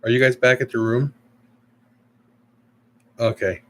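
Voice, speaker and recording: A man's voice: medium pitch, fairly even intonation, slow pace, a bit bright. A middle-aged man hosting a casual live stream, rambling and chatting with viewers as he reads their comments.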